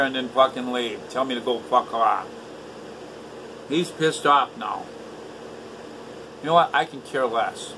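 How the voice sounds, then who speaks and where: An older man vlogs an angry rant to camera indoors at home, bitter and profane and repeating himself. His voice is fairly high-pitched, with background noise in the recording.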